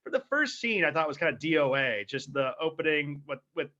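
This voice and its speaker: A man's voice: on the high side, animated, a little fast, bright, forceful tone. A man co-hosting a podcast in casual chat, rambling with lots of fillers and laughing often. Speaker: podcast co-host. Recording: dull lo-fi podcast audio.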